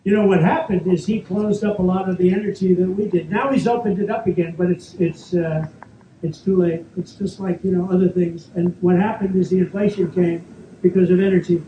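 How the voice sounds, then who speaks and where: A man talks off the cuff to an audience at an event, fielding questions with boastful, repetitive asides. His voice sits high for a man but sounds dark and mellow. It was caught on a phone from the floor of an echoey hall, so it sounds dull and carries faint background noise. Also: steady tone, a little fast. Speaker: politician answering audience questions. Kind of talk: off-the-cuff Q&A speech. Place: event hall at a private club, live audience.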